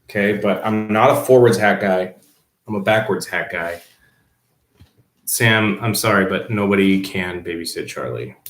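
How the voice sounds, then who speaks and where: A man with a fairly low voice chats loosely on a home livestream, reading his viewers' comments and tossing back replies. He is a teacher, easygoing and unpolished. The sound carries a noticeable roomy echo. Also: a little slow, a bit bright, slight background noise. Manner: reads viewer comments aloud and answers them offhandedly. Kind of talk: casual livestream chat. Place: at home, below the baby's room.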